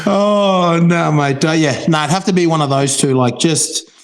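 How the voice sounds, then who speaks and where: A man's voice: a little high, normal speed. A man with an Australian accent, a former rugby player, chatting casually and telling stories with plenty of fillers and restarts. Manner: laid-back storyteller, many fillers and restarts. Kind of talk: casual chat.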